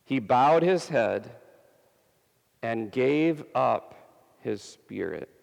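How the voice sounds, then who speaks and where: Slow gravelly preacher in a reverberant hall. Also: male voice, medium pitch, expressive. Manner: slow, emphatic preaching with long pauses. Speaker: pastor. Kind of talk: sermon.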